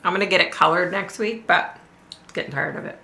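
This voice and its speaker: A woman's voice: on the low side, fairly quick, vocal fry, sharp tone. A middle-aged woman hosting a live stream, telling a story in a casual, chatty way, swearing freely and laughing often. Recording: roomy echo.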